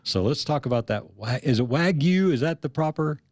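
A man's voice: medium pitch, brisk, gravelly, darkish tone, dry recording, clean studio sound. A man hosting a radio talk show, casual and upbeat as he chats with his guest.

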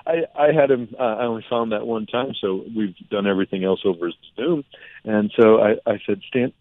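A man, a functional medicine doctor, telling lively patient stories with lots of fillers as a radio show guest. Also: on the low side, brisk, no room sound. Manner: animated storytelling with fillers. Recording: tinny phone-like radio audio.

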